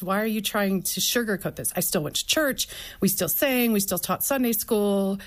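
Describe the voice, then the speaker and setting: A woman speaking as a guest, telling her own story of faith and doubt in an earnest, flowing way. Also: mid-range voice. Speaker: podcast co-host and author guest. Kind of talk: candid personal faith talk.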